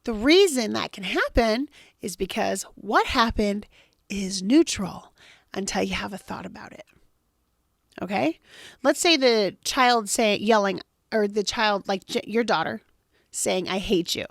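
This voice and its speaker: A woman's voice: mid-range voice, expressive, a little slow, vocal fry, no echo, clean studio sound. A woman hosting a motivational podcast, talking animatedly and acting out quoted voices. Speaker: podcast host.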